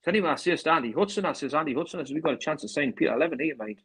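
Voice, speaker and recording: A man with a North East English accent telling rambling football anecdotes, acting out old phone calls with a steady run of "I says". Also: fairly high pitch, rapid-fire, husky, poor audio. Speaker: interview guest, former club manager.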